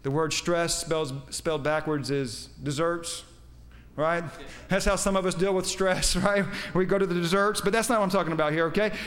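A man's voice: on the high side, normal speed, a bit bright. A man preaching a sermon, quoting scripture with emphasis and putting questions to his congregation. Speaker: pastor.

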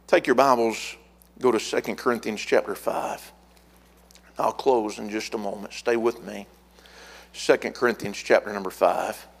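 A middle-aged man preaching a fiery sermon as pastor, building to shouted repeated words. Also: fairly low pitch, fairly even intonation, normal speed, vocal fry.

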